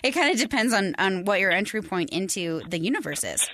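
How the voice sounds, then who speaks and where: A woman on a podcast panel chatting casually, animated and quick to laugh. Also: mid-range voice. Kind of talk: casual chat.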